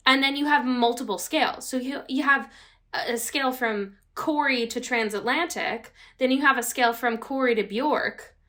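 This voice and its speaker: A woman's voice: sits high, moderate pace, fairly bright tone. A woman co-hosting a podcast in casual chat, eager and full of fits, starts and filler words. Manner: enthusiastic, talks in fits and starts with many likes. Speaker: podcast co-host.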